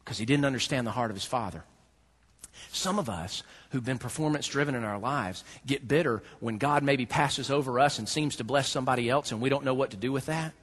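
A man preaching a sermon as pastor, swinging between hushed, drawn-out lines and loud, rising outbursts. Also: mid-range voice, breathy edge. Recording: echoey hall, long reverb.

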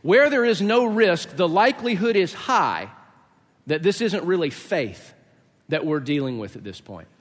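A middle-aged male pastor tells a story from the pulpit in an animated way, switching into other people's voices and chuckling as he goes. His voice sits a touch high for a man. It carries through a church with a long reverb tail. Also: unhurried. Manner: animated storyteller acting out voices, laughing along. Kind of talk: sermon with storytelling.

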